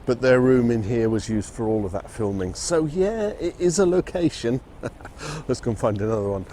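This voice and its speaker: A man's voice: mid-range voice, animated, normal speed, warm tone, slight background noise. A man narrating a casual walking vlog outdoors on city streets. He talks in a chatty way and chuckles often. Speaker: vlogger touring film locations.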